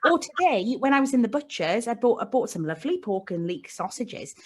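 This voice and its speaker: A woman's voice: a little high, sing-song, a little fast, darkish tone, slightly rough. A woman co-hosting a casual live-stream chat, telling teasing stories about a friend. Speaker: podcast co-host.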